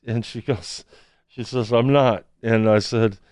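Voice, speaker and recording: Man, storytelling testimony, acts out quotes, smooth voice, dry close sound. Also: medium pitch, measured pace, no echo. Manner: animated storyteller acting out quotes. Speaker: street counselor.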